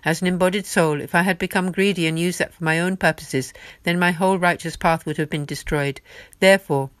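A woman's voice: on the low side, steady tone, brisk, dry recording, natural voice. A woman voicing a devout, humble grown man who pleads earnestly, in a storybook reading.

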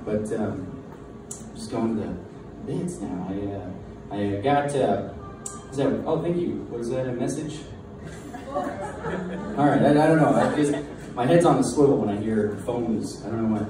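A young man doing a halting, self-deprecating stand-up set in a bar taproom. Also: mid-range voice. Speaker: stand-up comedian. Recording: echoey distant room mic with crowd noise.

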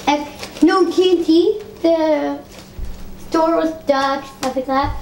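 A high-voiced woman chats at home as she decorates a tree, pausing often with ums. The room sounds echoey, with a faint hiss behind her. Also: darkish tone. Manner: chatty, hesitant with many ums. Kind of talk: casual home vlog chat. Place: home living room indoors.

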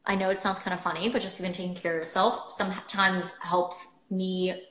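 A woman's voice: lowish voice, little pitch movement, fairly quick, fairly bright tone. Bubbly young woman hosting a phone livestream. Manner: bubbly, chatty, lots of filler words. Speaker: livestream host. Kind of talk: casual chat. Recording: roomy echo.

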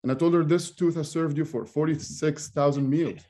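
A man's voice: a little high, steady tone, moderate pace, mellow. A man hosting an interview as a dentist, giving supportive replies and sharing his own patient story. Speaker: dentist and podcast host. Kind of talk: conversational interview.

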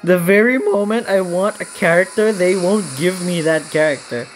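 A woman hosting a gaming channel, giving casual, melodramatic commentary on her game summons, self-pitying with sudden shrill outbursts. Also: normal speed, over music.

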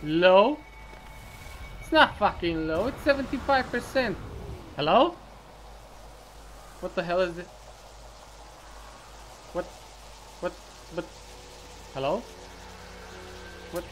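A man's voice: fairly high pitch, slow pace, pauses often, fairly bright tone, soft background music. A man giving casual gameplay commentary, muttering to himself and swearing often. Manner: profane, muttering, talks to himself. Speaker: let's play commentator.

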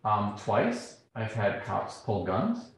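A middle-aged man with a lowish voice speaks slowly during a public talk in a very echoey lecture hall. He tells stories with animation, acting out the quoted exchanges.

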